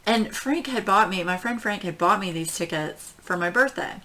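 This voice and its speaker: A middle-aged woman telling a story at home in casual chat, rambling and animated, with many fillers. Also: mid-range voice, normal speed. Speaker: crafting channel host.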